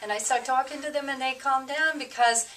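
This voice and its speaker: A woman's voice: sits high, steady tone, brisk, fairly bright tone, distant mic, poor audio. Talkative woman from New Jersey, off-mic. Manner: talkative, storytelling. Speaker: real estate agent, co-host. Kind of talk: casual studio chat.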